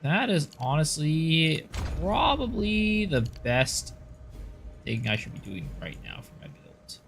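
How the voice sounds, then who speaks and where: A man's voice: a little high, very animated, takes it slowly, vocal fry, a bit bright, faint music behind. A man streaming a game, casually commenting, joking and answering his viewers as he plays.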